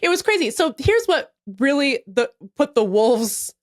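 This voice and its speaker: A woman co-hosting a podcast, telling a story in casual chat, animated and profane. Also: sits high, measured pace, no echo, studio quality. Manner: animated, profane, acts out other people's lines. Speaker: podcast co-host.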